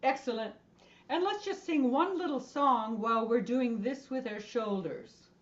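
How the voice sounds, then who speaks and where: A woman's voice: fairly high pitch, animated, measured pace, highs cut off. A woman voice and choir instructor leading an online movement and singing class in a playful, encouraging way over a video call.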